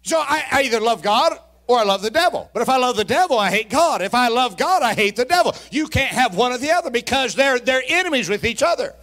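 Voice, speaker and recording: A man with a strikingly high voice preaches in a church sanctuary. He moves between slow, drawn-out emphasis and shouted peaks, calling for responses from the congregation. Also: lively intonation. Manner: folksy, humorous asides to the congregation. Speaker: pastor. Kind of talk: sermon.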